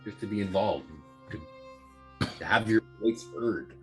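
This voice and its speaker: A man playing a tabletop game who makes quick jokes. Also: fairly low pitch, soft background music. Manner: joking, animated. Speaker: player. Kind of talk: casual tabletop game chat.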